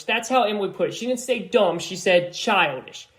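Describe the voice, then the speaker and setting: A young man hosting a solo sports podcast from an apartment, talking loudly and with energy, rambling and restarting his sentences. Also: high-pitched, moderate pace, hardly any pauses. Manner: loud, animated and rambling, with many restarts. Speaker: podcast host. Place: apartment room.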